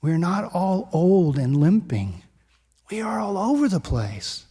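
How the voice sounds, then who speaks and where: Storytelling pastor in a reverberant church. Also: male voice, high-pitched, unhurried, breathy edge. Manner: storytelling, conversational and animated. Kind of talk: sermon. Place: church sanctuary.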